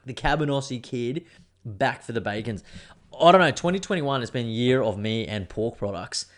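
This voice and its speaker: A young adult man, hosting a podcast in a rambling, sweary, laid-back casual chat. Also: mid-range voice. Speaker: podcast host.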